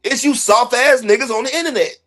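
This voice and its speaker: A man's voice: extremely high pitch, fairly quick, a bit bright, soft background music. A man hosting a sports podcast livestream, ranting bluntly and profanely in heavy slang. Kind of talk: heated livestream sports rant.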